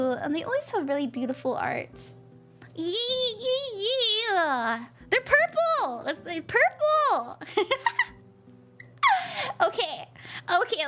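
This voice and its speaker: A woman with a high, slightly bright voice hosts a live stream as a tarot reader. She chats bubbly and casually, thanking viewers by name.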